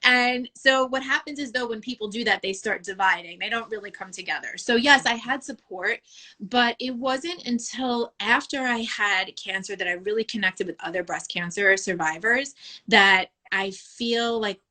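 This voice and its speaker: A woman's voice: a little high, normal speed, sharp tone. A woman talking openly as an interview guest, emotional and frank, often laughing and quoting her own thoughts. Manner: open and emotional, laughs often, quotes herself. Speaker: guest, photographer. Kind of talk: candid interview talk.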